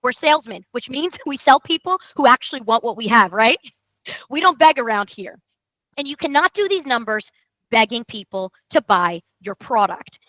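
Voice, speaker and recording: A woman hosting a sales training call, talking emphatically and excitably and repeating things for emphasis. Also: a little high, normal speed, no echo, poor audio. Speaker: marketing coach host.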